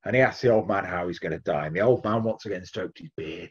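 A man's voice: low voice, fast talker, few pauses, husky, highs cut off. A man, an author and storyteller, telling a folk tale expressively and answering interview questions.

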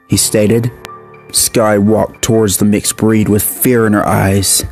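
A man's voice: on the low side, level tone, slow, darkish tone, faint music behind. Man narrating a horror story.

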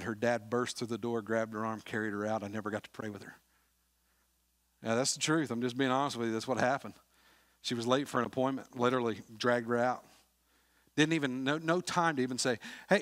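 Earnest preacher with a dry sound. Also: male voice, mid-range voice, dry recording. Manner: earnest storytelling, swinging from hushed to loud. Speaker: pastor. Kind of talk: sermon. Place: church sanctuary.

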